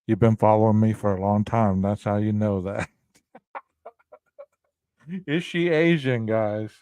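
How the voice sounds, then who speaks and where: A man's voice: lowish voice, level tone, moderate pace, warm tone, dry recording. A man co-hosting a podcast, commenting casually and talking straight to his listeners. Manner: chatty, addresses listeners directly. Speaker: podcast co-host.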